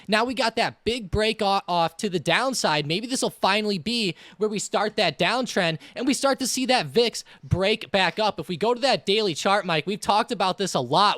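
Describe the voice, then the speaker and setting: A man's voice: high-pitched, a bit bright, no room sound. A man co-hosting a stock market show in casual, upbeat chat, with plenty of fillers. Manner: upbeat, chatty, with many fillers.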